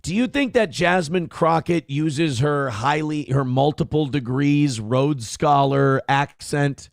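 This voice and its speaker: A man's voice: fairly high pitch, slow, vocal fry, no echo, clean studio sound. A middle-aged man hosting a morning show, with crude, sarcastic and mocking commentary. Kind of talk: casual live-stream commentary.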